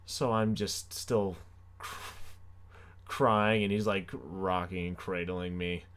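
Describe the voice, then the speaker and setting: A young man telling a comic story on his podcast, animated and self-mocking, with sarcastic asides. His voice sits fairly low for a man. He swings between hushed lines and excited outbursts. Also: slow pace, clear, resonant tone. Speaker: podcast host.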